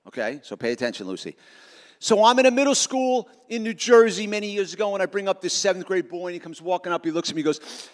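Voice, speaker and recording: Man, middle-aged, motivational school speaker, jokey and self-mocking, lively crowd work, long auditorium echo. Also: high voice, fast talker.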